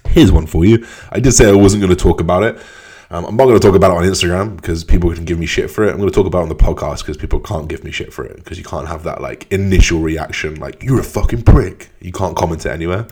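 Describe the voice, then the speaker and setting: A man's voice: deep voice, fast talker, a little mellow, breathy edge. A man hosting his own podcast, answering listener questions in a loose, frank way and swearing casually. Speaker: podcast host.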